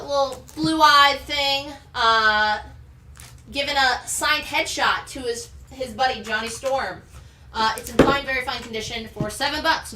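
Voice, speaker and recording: A woman's voice: fairly high pitch, pushed and bright, distant mic. A woman hosting a live comic sales show, chatty and enthusiastic as she rattles off issue details and prices. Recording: roomy, off-mic, faint background noise.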